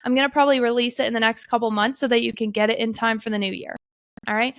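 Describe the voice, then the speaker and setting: High-voiced woman, blunt and sweary. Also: steady tone, fast, a bit bright, no room sound, studio quality. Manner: blunt, frequent swearing, emphatic repetition; earnest, confessional. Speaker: podcast host. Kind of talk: casual solo podcast monologue.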